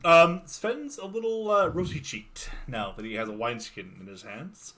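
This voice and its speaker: A man's voice: fairly high pitch, moderate pace, a bit bright, a little hiss or hum. A man narrating as game master in a tabletop game, playful and laughing often.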